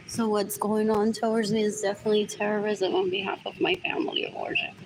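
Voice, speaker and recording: A woman's voice: medium pitch, little pitch movement, quick pace, background noise. A woman livestreaming from her apartment in a rambling monologue. She repeats the same short question again and again and switches between English and Spanish mid-sentence.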